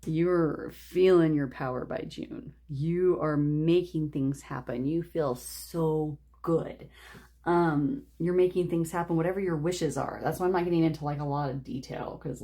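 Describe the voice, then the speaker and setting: A woman's voice: sits low, steady tone, normal speed, warm tone. A woman giving a casual pick-a-card tarot reading, rambling and chatty, laughing often. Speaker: tarot reader.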